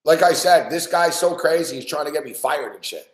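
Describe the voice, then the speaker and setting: A man's voice: a little high, animated, a little fast. A man hosting a podcast, telling a rambling story in casual chat with lots of swearing. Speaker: podcast host. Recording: roomy echo.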